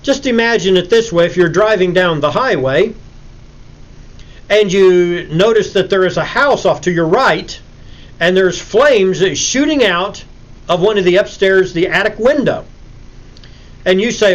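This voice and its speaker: A man giving a recorded Bible lecture in a preacherly way, acting out little stories with sudden loud emphasis. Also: high voice, lively intonation, a little slow, dull audio.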